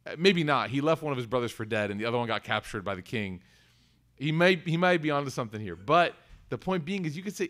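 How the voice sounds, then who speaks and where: A man's voice: mid-range voice, lively intonation, brisk, fairly bright tone. A man giving a conversational religious lecture, acting out quotes and asking the audience questions. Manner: conversational, acts out quoted voices, asks the audience. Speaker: Islamic teacher. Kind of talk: lecture on scripture.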